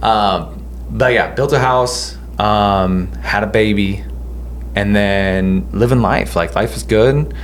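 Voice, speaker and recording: A man with a very low voice co-hosts a relaxed kitchen-table podcast. He tells stories in a loose, rambling way, full of fillers and restarts, with a faint hum of room noise behind him. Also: takes it slowly. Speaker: podcast co-host. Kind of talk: casual storytelling chat.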